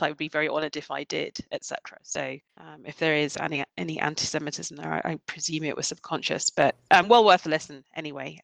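A man's voice: on the high side, creaky, bright, forceful tone, no room sound, low-quality recording. A man, co-hosting a podcast and talking through his points with many ums and asides. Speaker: podcast co-host. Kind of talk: casual discussion.

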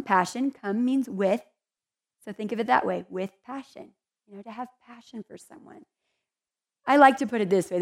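A woman's voice: a little high, a little mellow. A woman giving a conversational Bible teaching in an earnest, heartfelt way, with chatty asides to her listeners.

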